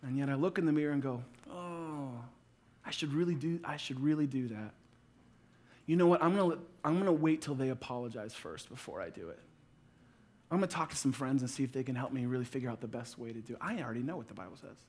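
A man in his thirties preaching a sermon, playful and storytelling, acting out little everyday scenes with quick asides. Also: mid-range voice, lively intonation, a little mellow. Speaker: pastor.

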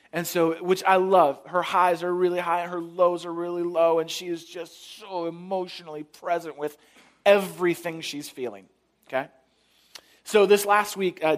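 A man in his thirties preaching a sermon, telling a family story and acting out the voices of his wife and little daughter. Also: a little high. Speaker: pastor.

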